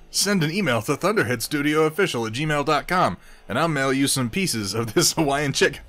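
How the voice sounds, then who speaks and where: A man's voice: medium pitch, animated, fairly quick, a bit bright, faint music behind. A man hosting a casual livestream, chatting wryly with viewers in a rambling way while he eats and paints miniatures.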